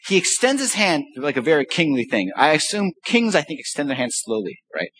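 High-voiced animated male pastor. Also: fairly quick, few pauses, husky, poor audio. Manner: animated, emphatic, with rhetorical questions. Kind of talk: sermon.

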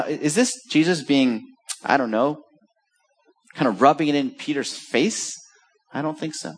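Animated male preacher, fairly high voice. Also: slightly rough. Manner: animated storytelling, acts out quoted voices. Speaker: pastor. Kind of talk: sermon.

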